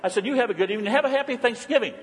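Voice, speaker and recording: A male pastor preaching a sermon, swinging between loud, animated lines and hushed, quiet ones. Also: extremely high pitch, rapid-fire, big-room sound.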